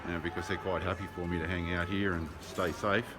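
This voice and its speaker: Music plays behind an Australian man vlogging on city streets while he walks and rides, talking bluntly with plenty of swearing and ums. His low voice stays fairly flat and runs a little fast. The recording is handheld phone video with loud street noise.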